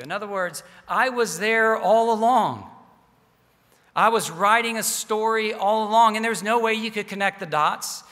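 A man's voice: high voice, unhurried, long pauses, pushed and bright. A man preaching a sermon, telling a story earnestly, his volume rising and falling. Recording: long reverb of a large hall.

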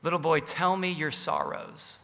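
A man voicing a vast unseen lion, speaking slowly and gently in a hushed, lowered tone. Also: steady tone, long reverb tail. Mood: gentle, solemn.

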